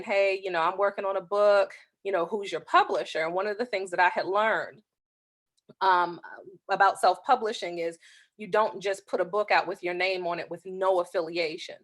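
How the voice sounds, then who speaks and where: A woman's voice: medium pitch, normal speed. A woman in her thirties, an author hosting her own show, casually telling a personal story and acting out the other people's lines. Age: 30s. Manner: lively, acts out the voices in her story.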